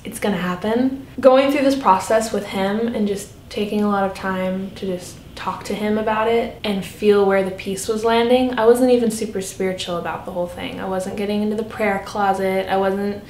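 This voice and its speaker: A young woman telling a personal story in a casual vlog, earnest, animated and chatty. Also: moderate pace, few pauses. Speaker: vlogger. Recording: echoey room, faint rumble.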